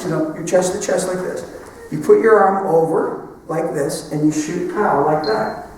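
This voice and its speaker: A high-voiced man leads a martial arts class, explaining each technique step by step as he demonstrates it. He is picked up from well across a big training hall with a strong echo and a faint hiss underneath. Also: darkish tone. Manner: instructive, talks through moves step by step. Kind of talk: teaching a class while demonstrating. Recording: echoey hall recording from far off.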